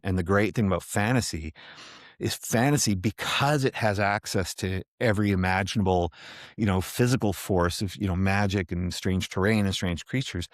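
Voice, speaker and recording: Deep-voiced male author, animated storyteller, dry close mic. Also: dry recording. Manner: animated storytelling, many restarts. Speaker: author guest. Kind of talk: casual interview talk.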